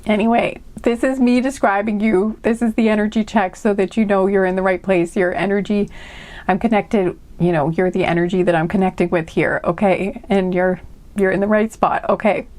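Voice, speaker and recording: A woman's voice: medium pitch, steady tone, normal speed, a little mellow. A young woman giving a casual card reading, chatty and full of "um" and "like". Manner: chatty, lots of fillers like "um" and "like"; giggly, laughing fits. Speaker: tarot reader.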